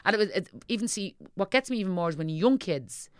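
A woman's voice: medium pitch, animated, fast, clean tone, dry recording, clean studio sound. A middle-aged woman with a Dublin accent chatting as an interview guest, telling stories animatedly and acting out what people said. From Ireland. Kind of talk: casual chat.

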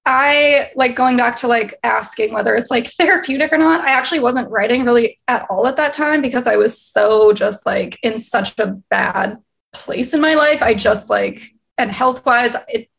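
A woman's voice: fairly high pitch, moderate pace, vocal fry, a bit bright. A young woman from Canada, a singer-songwriter, chatting casually in a video-call interview, filling her talk with "like" and laughing often.

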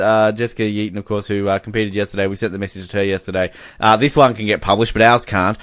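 A man's voice: medium pitch, fairly bright tone, no room sound, studio quality. A man, co-hosting a casual chat and reading out fan messages with amusement, laughing often. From Australia. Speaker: podcast co-host.

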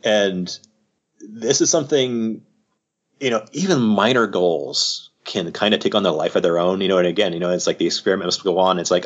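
Man, psychiatrist guest, low husky voice, rambling casual talk, muffled lo-fi audio. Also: a little fast. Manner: rambling, full of "you know" asides. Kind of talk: casual podcast conversation.

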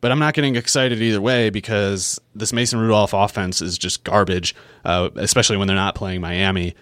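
Man thinking aloud in a dry, low voice. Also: fairly even intonation, a little fast, fairly bright tone, no room sound. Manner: thinks aloud in long run-on explanations, frequent restarts. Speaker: fantasy football podcast co-host. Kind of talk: casual analytical sports chat.

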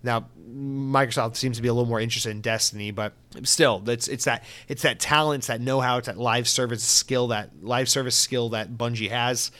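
A man's voice: mid-range voice, steady tone, fairly quick, hardly any pauses, bright, forceful tone. A young adult man hosting a solo gaming podcast, reading news and riffing into profane comic tangents. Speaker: podcast host.

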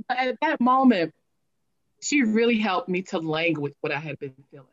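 A woman guest telling a personal story in an interview, animated and laughing, acting out the voices of people she quotes. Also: mid-range voice, normal speed. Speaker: guest, speaker and coach. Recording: dull lo-fi sound.

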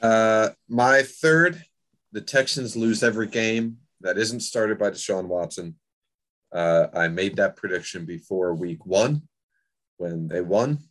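Casting note: low-voiced man, relaxed wry sports podcast co-host. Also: slow pace. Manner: laid-back, wry, hesitant with fillers. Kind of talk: casual sports chat.

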